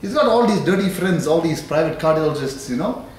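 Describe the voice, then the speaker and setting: A man's voice: on the high side, animated, brisk, slight background noise. A man giving a joking tour of an office and telling a long comic story, laughing at his own punchlines. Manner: chuckles at his own jokes. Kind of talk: casual comic monologue and joke telling. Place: office suite, indoors. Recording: very echoey room, camera at a distance.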